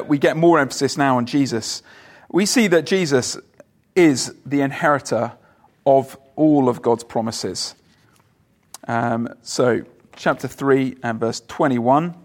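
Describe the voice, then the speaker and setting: A man preaching a sermon in a conversational way, asking his listeners questions and pausing on fillers. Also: medium pitch, gravelly.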